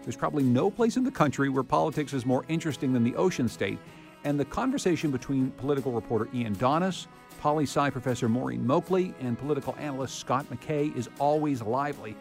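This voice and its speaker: A man hosting a public radio podcast, reading scripted segments and interviewing a guest in a measured, conversational way. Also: mid-range voice, lively intonation, creaky, a little mellow, faint music behind.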